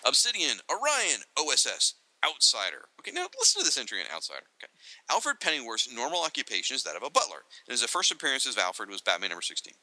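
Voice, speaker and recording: A man co-hosting a casual chat, reading entries aloud from a reference book and adding excitable, joking asides. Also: medium pitch, fast talker, no room sound, rough recording. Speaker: podcast co-host.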